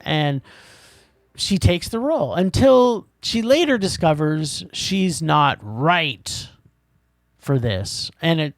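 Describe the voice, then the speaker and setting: Animated gravelly man reviewing films. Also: on the high side, no room sound. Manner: animated, quick, trips over words, restarts. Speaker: podcast co-host. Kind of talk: casual movie review chat.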